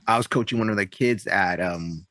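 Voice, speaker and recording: A man co-hosting a podcast, telling stories in an animated, conversational way. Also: lowish voice, moderate pace, no echo. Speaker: podcast co-host and judo coach. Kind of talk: casual podcast chat.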